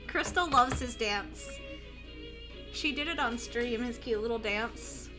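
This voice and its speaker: A woman streaming a courtroom game, reading the dialogue aloud and breaking off into excited, swearing reactions with laughter. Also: on the high side, slow, pauses often. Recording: game music playing behind.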